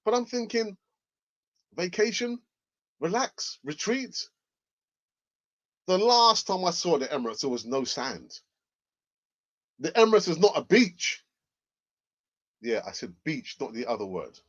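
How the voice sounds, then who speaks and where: A young man hosting casual football news commentary, animated and laughing often as he reacts. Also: medium pitch, moderate pace, pauses often. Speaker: football channel host. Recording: dull lo-fi audio.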